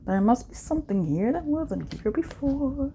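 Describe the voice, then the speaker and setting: A woman talks through a casual pick-a-card tarot reading. Her voice sits a little high and moves a lot in pitch. She is playful and slangy and breaks into laughter often. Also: sing-song, moderate pace, mellow, slight background noise.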